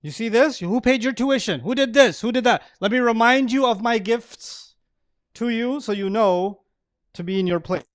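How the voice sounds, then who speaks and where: A man's voice: very high voice, normal speed, no room sound, pitched above the performer's own voice. Man voicing resentful strict dad, emphatic and dry-voiced; lecture aside. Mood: indignant. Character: stern resentful father listing his gifts.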